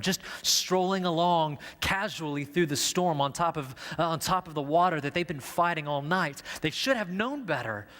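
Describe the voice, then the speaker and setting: A man preaching an earnest sermon from a church sanctuary, his mid-pitched voice carried by a long, ringing reverb. He doubles back on words as he explains, preaching with steady conviction. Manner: earnest, stumbles and repeats words while preaching. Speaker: pastor.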